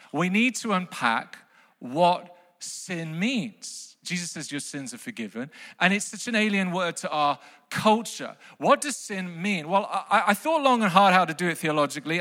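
A man preaching a lively sermon to a congregation, telling a children's story with big bursts of mock outrage. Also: high voice, normal speed. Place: large hall with long reverb. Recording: live sermon in a reverberant hall.

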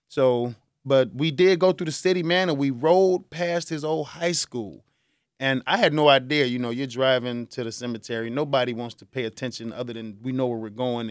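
A man's voice: mid-range voice, a bit bright, dry recording, clean studio sound. A man hosting his own talk show, telling a heartfelt story in a casual, emotional way. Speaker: podcast host.

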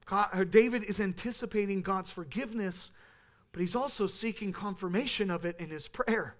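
A man in his thirties preaching a sermon, earnest, rising to emphatic peaks and falling back to quiet. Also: high-pitched, normal speed. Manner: earnest, building to emphatic peaks then dropping soft.

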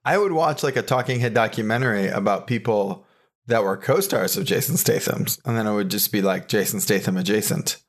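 Somewhat low-voiced and a touch fast, the male host of a comedy podcast keeps the banter casual. He throws out dry, quizzical questions and recaps the punchline with deadpan timing.

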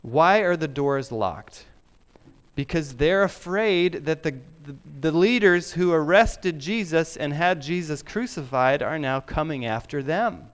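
A middle-aged man preaching a sermon, emphatic and deliberate, sometimes dropping his voice very low. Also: animated, clean tone. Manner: slow, emphatic preaching with soft drops to near whisper. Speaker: pastor.

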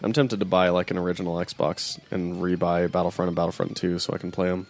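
Excitable man in casual chat. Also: deep voice, fast, soft background music. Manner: enthusiastic, laughs often.

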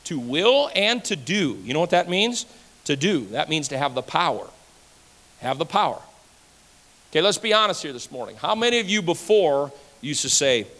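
A man preaching a sermon as pastor, emphatic and repetitive, swinging between loud declarations and hushed asides. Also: on the high side, very animated, normal speed. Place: church sanctuary. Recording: long church-hall reverb.

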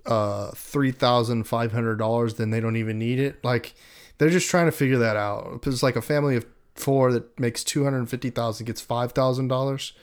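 A man's voice: mid-range voice, steady tone, normal speed, clean tone. A man in casual podcast chat who hesitates a lot, restarting sentences and filling gaps with ums while he explains.

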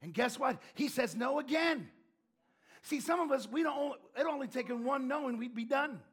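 A male preacher with a very high, husky voice delivers a lively sermon. He tells stories and now and then shouts a line for emphasis. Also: normal speed. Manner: animated storytelling with shouted emphasis and laughs.

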